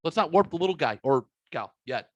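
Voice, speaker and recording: A man in his forties hosting a podcast, telling stories in a rambling, animated, casual way. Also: on the high side, brisk, no echo, muffled recording. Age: 40s. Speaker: podcast host. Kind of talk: casual podcast chat, storytelling.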